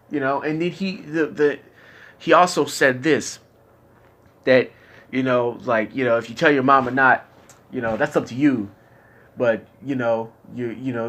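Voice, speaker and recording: A man's voice: mid-range voice, fairly bright tone, slight background noise. A young man talking candidly with his therapist, frustrated and profane, his voice climbing into anger as he vents. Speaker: patient in therapy.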